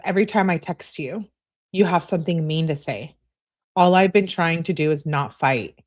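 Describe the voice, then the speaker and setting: A woman commentating on a true crime case, reading out text messages and reacting bluntly with sarcasm and swearing. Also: low-pitched.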